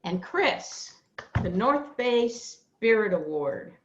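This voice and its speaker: A woman hosting a club meeting, leading it in a friendly, unhurried, casual way. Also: mid-range voice, lively intonation. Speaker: meeting host. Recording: slightly muffled.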